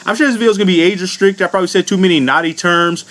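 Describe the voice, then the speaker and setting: Angry swearing man, a bit high. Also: rapid-fire, a bit bright. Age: adult. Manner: furious, profane, blunt. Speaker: vlogger. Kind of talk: angry political rant.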